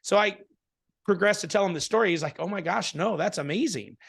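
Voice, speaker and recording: As an interview guest, a man relaxedly tells a personal story in conversation, animated and fairly quick, restarting often and acting out what people said. His voice is fairly high, creaky and husky.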